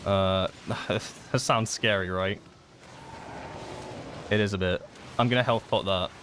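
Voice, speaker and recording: A man giving live gameplay commentary, thinking aloud and excitedly pleading with his teammates. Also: lowish voice, slow pace, slight background noise. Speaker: gaming content creator.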